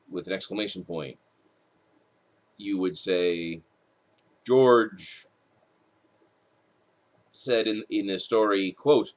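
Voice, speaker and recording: A man's voice: deep voice, slow, long pauses. A male writing instructor, tired late at night, reads rules from a textbook in a recorded lecture and explains them with casual asides.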